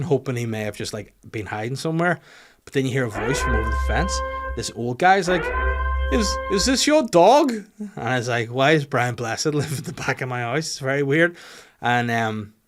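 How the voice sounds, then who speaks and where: A man's voice: medium pitch, fairly quick, over music. Sweary Northern Irish man telling stories. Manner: swears freely, rambling animated storytelling. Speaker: comedian podcast host. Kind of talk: casual comic monologue.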